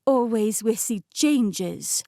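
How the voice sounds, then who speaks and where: A woman's voice: on the high side, expressive, takes it slowly, warm tone, dry recording, studio quality. A woman voicing a fussy, dramatic male French chef with a French accent, exasperated and theatrical. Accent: French (put on).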